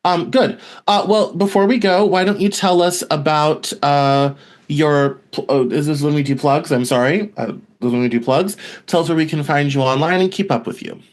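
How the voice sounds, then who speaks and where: A man's voice: on the high side, moderate pace. A man hosting a podcast, talking casually with frequent restarts and hesitations. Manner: hesitant, many restarts and fillers. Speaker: podcast host.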